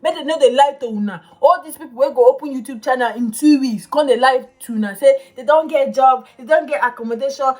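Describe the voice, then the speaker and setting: A woman's voice: high-pitched, a little fast, few pauses, faint music behind. A young woman from Nigeria with a Nigerian accent, ranting emphatically to camera in a casual vlog and slipping into Pidgin. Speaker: vlogger.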